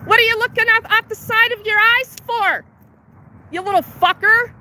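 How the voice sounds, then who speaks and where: Angry high-voiced woman heckling outdoors. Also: moderate pace, pushed and bright. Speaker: activist filming a homeless camp sweep. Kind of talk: confrontational street filming. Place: outdoors on a city street. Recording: street traffic noise.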